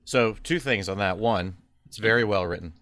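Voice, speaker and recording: A man with a low voice talks in a loose, opinionated ramble. He is a podcast co-host, and fillers and restarts run all through his talk. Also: moderate pace, crowd noise. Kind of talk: casual chat.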